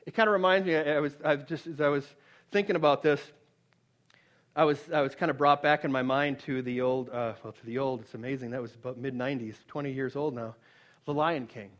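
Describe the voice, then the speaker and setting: Fairly quick and fairly even in intonation, a man preaches, moving between emphatic loud stretches and low, hushed tales. He frequently repeats words when beginning again.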